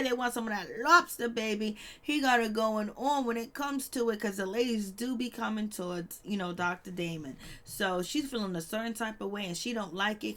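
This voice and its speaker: A woman hosting a reality TV recap talks through an episode in a loose, chatty way, keeping her voice at a middle pitch. She laughs often and slips into animated voices whenever she quotes someone, giving the casual commentary a lively feel.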